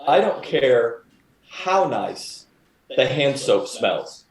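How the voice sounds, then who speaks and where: A man's voice: mid-range voice, sing-song, extremely slow. Dry-humored man in an echoey room. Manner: dry, wisecracking, adds details to the story. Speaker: podcast co-host. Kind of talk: casual chat. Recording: roomy echo.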